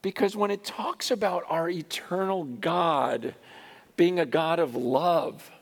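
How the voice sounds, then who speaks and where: Animated high-voiced man preaching in a hall. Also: slow, vocal fry. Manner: conversational, animated, acts out quoted voices. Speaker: pastor. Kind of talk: sermon. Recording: long hall reverb.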